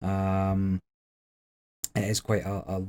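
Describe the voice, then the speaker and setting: Hesitant man, fairly low voice. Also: completely flat delivery, slow, darkish tone. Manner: hesitant, with frequent ums and repeats. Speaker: podcast co-host. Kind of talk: casual chat.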